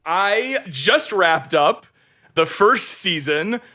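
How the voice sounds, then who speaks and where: Woman guest, slow, bright and giggly podcast chatter. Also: lowish voice, animated. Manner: giggly, laughs through her words. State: pregnant. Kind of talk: casual chat.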